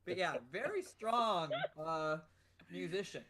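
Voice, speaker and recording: Player guy chatting about his character, high voice. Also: slow pace, sharp tone. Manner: casual, chatty. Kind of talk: describing his character at a game table.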